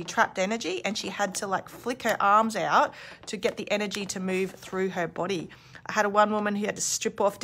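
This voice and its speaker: Woman in her thirties, casual coach, candid and chatty, bright tone, mid pitch. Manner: chatty, candid, demonstrates screams and sounds aloud. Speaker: emotional release coach. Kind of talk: casual instructional talk. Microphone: phone held in hand.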